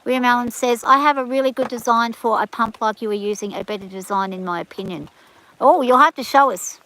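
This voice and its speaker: A chatty woman with a broad rural Australian accent reads viewer comments on a live stream and answers each one. Her voice sits a little higher than most. She talks in an easy, offhand way. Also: a little fast, pushed and bright, slight background noise, poor audio. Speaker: livestream host reading chat. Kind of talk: casual live-stream chat.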